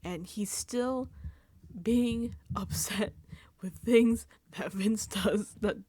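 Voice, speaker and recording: A woman's voice: mid-range voice, very slow, mellow, breathy edge, no echo. A woman vlogger giving a casual reality TV recap, laughing often and dropping into whispered asides. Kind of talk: casual recap and reaction commentary.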